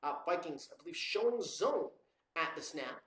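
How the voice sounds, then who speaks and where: With lively intonation and a medium pitch, the amateur commentator rambles casually through the watchalong play-by-play, full of fillers and quick fixes. The room is echoey and the audio poor.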